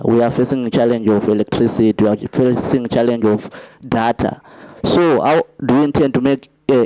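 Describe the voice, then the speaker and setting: A man in the audience asking a question at a book launch, halting and repeating himself. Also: mid-range voice, dark tone, no echo, low-quality recording.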